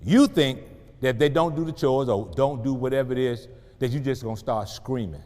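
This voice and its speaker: At a family expo, a male parenting speaker delivers a humorous, preacher-like motivational talk, calling out to the crowd in an animated call-and-response style. His voice sits in the mid-range and moves a little fast, echoing in a reverberant hall.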